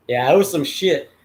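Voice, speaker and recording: A middle-aged man telling a long story in a casual, rambling way, swearing freely and filling gaps with many ums and uhs. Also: a little high. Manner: profane, rambling with many fillers. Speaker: livestream host.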